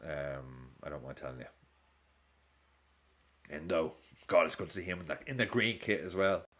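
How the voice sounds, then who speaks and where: A man's voice: rumbling low, normal speed, a bit bright. A man in his thirties chatting casually during a live football watch-along, reacting to the match and swearing freely as he jumps between topics.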